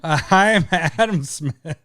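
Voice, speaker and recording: A man's voice: a little high, slow, a bit bright, no echo, studio quality. Giggly man co-hosting a podcast. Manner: laughs often, self-deprecating. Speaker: podcast co-host. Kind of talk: casual chat.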